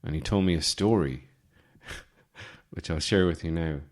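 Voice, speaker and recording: Very deep-voiced Irish man rambling. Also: measured pace. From Ireland. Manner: deadpan, digressive, with frequent fillers and restarts. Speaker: podcast host. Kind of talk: rambling comic monologue.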